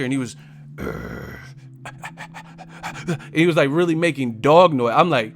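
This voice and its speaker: A man's voice: mid-range voice, normal speed. A man hosting a casual live stream, telling profane stories and laughing often.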